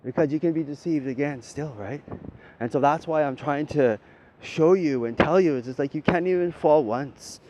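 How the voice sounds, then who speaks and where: A man giving a rambling spiritual monologue, often ending his points with "right?" and swearing casually. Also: moderate pace. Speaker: spiritual talker. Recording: dull lo-fi audio with faint rumble.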